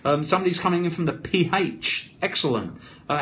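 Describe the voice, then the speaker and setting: A man's voice: a little high, animated, brisk, fairly bright tone, a little hiss or hum. A man hosting a casual live stream from his phone propped against a computer, energetically chatting and reading out viewer comments.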